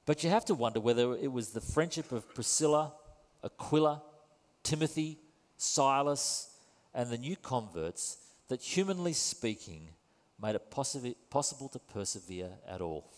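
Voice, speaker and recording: A man's voice: mid-range voice, expressive, normal speed. Wry conversational man preaching. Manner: conversational, wry, self-deprecating. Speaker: pastor. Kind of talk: sermon. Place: church. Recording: long reverb in a church hall.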